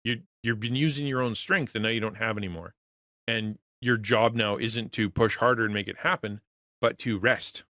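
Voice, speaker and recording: A middle-aged man speaks earnestly to his livestream chat in a low voice. He rambles, stops and starts, and repeats words as he thinks aloud. The sound is close and dry, with no room echo. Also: fairly even intonation, normal speed, pushed and bright. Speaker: streamer and pastor to creators. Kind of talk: casual livestream talk with chat.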